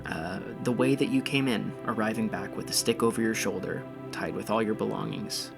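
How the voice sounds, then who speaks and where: A woman game master narrating with a very deep, gravelly voice. She rambles along, full of fillers and restarts. Music runs clearly underneath. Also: a little fast.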